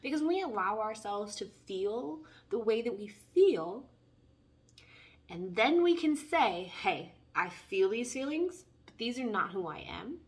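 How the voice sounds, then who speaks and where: A young woman giving a casual, playful tarot reading, chatty and animated as she talks through the cards. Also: on the high side, measured pace. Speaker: tarot reader.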